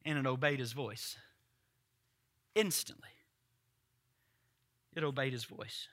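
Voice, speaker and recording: A man in his thirties preaching a sermon in church, talking straight to the congregation and swinging from quiet asides to loud shouted lines. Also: mid-range voice, takes it slowly. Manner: conversational, addresses congregation directly. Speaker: pastor.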